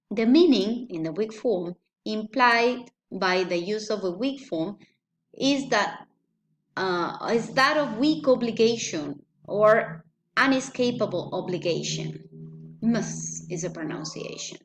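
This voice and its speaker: Slow, deliberate woman teaching pronunciation. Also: a little high. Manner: slow, deliberate, with frequent "hmm?" checks. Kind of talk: recorded pronunciation lesson.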